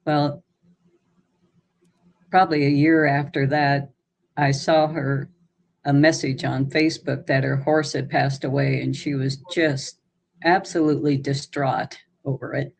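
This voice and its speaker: A woman's voice: a bass voice, level tone, a little slow, gravelly, a little mellow. A middle-aged woman artist telling a story in a plain, modest way in casual chat. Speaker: guest artist.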